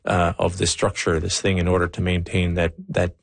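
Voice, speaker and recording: Deep, flat-voiced man explaining gardening. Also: a little fast, gravelly, dry recording. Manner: patient explaining, many fillers. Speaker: gardening expert. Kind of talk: casual advice chat.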